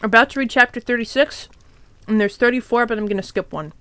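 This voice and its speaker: A woman's voice: on the high side, fast, fairly bright tone, clean tone, no echo. A woman streamer reading a fanfic aloud with wry, amused asides.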